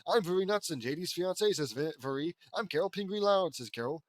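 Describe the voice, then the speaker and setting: Guy reading fanfic out loud, kinda high voice, snarky little asides, dry close mic. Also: animated, a little fast, dry recording. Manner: mocking, wry commentary between read lines; lifts voice for quoted characters. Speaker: reader of fan fiction. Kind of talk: reading aloud with sarcastic asides.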